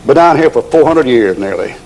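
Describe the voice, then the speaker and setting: A man's voice: mid-range voice, animated, fairly quick, vocal fry, darkish tone, soft background music, pitched below the performer's own voice, low-quality recording. A man voicing a sulky teenage son who grumbles and doubts. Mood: grumbling. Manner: whiny, grumbling.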